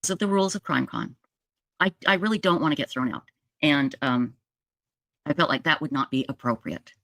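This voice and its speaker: A woman's voice: sits low, a little fast, vocal fry, no room sound, studio quality. Clip of a middle-aged woman retelling a story. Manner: animated retelling with quoted dialogue. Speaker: true crime podcaster. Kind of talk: storytelling monologue.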